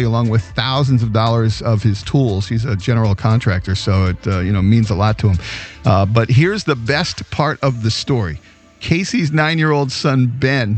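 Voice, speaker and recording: Man, radio host, chatty storyteller, middle-pitched, faint music underneath. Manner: upbeat storytelling with fillers. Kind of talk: radio show good news segment.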